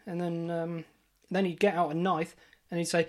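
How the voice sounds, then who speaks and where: A woman co-hosting a comedy podcast, deadpan and mock-serious, with hesitant fillers as she argues a far-fetched theory. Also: on the low side, normal speed. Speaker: podcast co-host.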